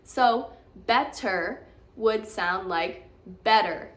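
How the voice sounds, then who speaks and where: An American woman coaching the accent, encouraging and clear as she walks learners through examples. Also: fairly high pitch, moderate pace, a bit bright. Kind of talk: teaching lesson to camera.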